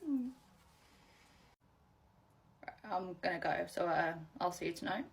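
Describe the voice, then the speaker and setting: Woman doing a soft-spoken caring young man. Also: lowish voice, animated, measured pace, creaky, far from the mic, pitched below the performer's own voice. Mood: concerned. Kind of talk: comedy sketch character voice.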